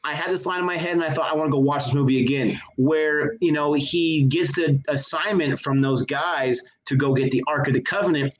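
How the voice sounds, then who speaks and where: A man's voice: fairly high pitch, fairly even intonation, a little fast, few pauses, low-quality recording. Enthusiastic man gushing about a film. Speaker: co-host of a movie review show. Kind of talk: casual review chat. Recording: connection issues on the audio.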